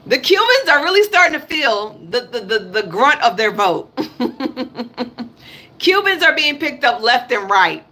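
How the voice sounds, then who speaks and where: This host's voice is on the high side, swinging widely in pitch, pushed and bright, at a moderate pace with few pauses. She's a woman in her thirties speaking African American English, bluntly ranting about politics on a livestream, cursing and repeating herself.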